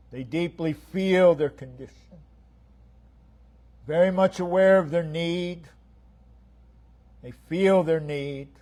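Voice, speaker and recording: Male preacher, slightly high voice, slow deliberate delivery, emphatic and repetitive with sharp loud-soft swings. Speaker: pastor. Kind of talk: sermon.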